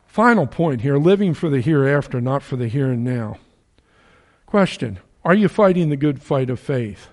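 Older jersey guy preaching, casual and folksy, gets loud and emphatic at the big points. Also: mid-range voice, lively intonation, normal speed. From New Jersey. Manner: conversational preaching with chuckles and emphatic rises. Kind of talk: sermon.

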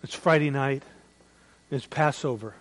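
A man preaching a sermon as pastor, swinging between loud, emphatic peaks and hushed, quiet drops. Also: mid-range voice, unhurried, poor audio. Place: church.

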